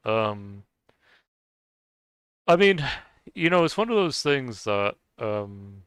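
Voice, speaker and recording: A man with a lowish, smooth voice chats casually with his viewers while he plays a game. He rambles and hesitates, restarting sentences and filling gaps with "um", and often chuckles. The sound is dry and close. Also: fairly bright tone, dry recording. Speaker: game streamer chatting with viewers. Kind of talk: casual chat while playing.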